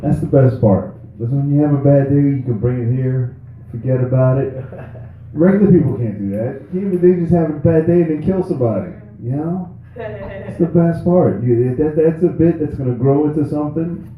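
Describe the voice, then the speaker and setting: A man's voice: on the high side, normal speed, a little hiss or hum. A man hosting an open mic, musing darkly and dryly between acts. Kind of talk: stand-up host banter. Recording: distant mic, echoey room, tinny sound.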